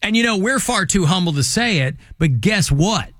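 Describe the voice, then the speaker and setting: Wry radio host with a dry studio sound. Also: male voice, sits high, expressive, moderate pace, a bit bright, dry recording. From Manchester, England. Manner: wry, joking, hammy. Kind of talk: casual radio banter.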